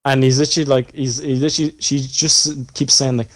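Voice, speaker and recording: A young Irish man talks in a casual podcast chat. He tells the story in a loose, rambling way, swears freely and fills the gaps with "like" and "um". His voice sits at an ordinary pitch for a man. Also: little pitch movement, fairly quick, no echo. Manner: rambling, profane storytelling full of fillers. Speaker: podcast co-host.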